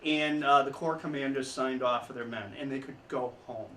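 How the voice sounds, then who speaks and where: A man giving an informal history talk to an audience, telling the story with chuckling asides and lively emphasis. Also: mid-range voice, moderate pace. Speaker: history speaker. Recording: echoey room, mic at a distance, faint background noise.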